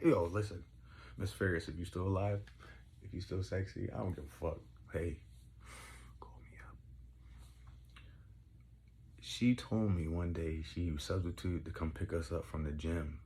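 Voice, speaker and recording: Gravelly low-voiced young man rambling. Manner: rambling, excitable, profane. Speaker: podcast host. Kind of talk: casual storytelling.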